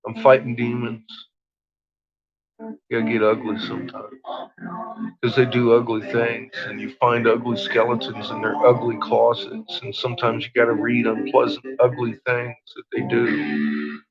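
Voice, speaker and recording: A man's voice: mid-range voice, steady tone, moderate pace, over music. A man hosting a late-night livestream, ranting profanely at his chat and often breaking into laughter. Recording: dull lo-fi stream audio.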